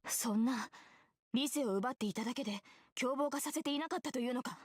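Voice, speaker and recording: A woman's voice: high-pitched, very fast, husky, dry recording, studio quality. An actress voicing a young female knight who speaks in stunned disbelief, in game voice acting. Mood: shocked.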